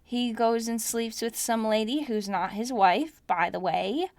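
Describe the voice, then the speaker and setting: Woman with a bright, dry close voice. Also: a little high, unhurried, no room sound. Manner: reads scripture aloud, breaks off with wry, joking asides. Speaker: podcast host. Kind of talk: casual Bible study podcast, reading and commenting.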